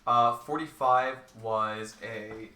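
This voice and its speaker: A man's voice: medium pitch, fairly even intonation, takes it slowly, sharp tone, slight background noise. A man narrating a tabletop game as game master, describing scenes with frequent hesitations and ums. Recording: echoey room, distant mic.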